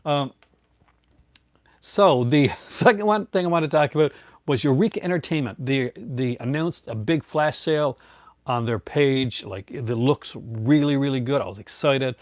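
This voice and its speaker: A man's voice: medium pitch, a little slow, no room sound, studio quality. A middle-aged man hosting a casual live chat, rambling with many fillers and restarts and chuckling often. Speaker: host.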